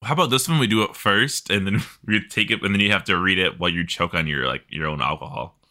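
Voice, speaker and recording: Podcast co-host, male, very bright tone, jokey and quick with asides. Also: low-pitched. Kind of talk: casual chat.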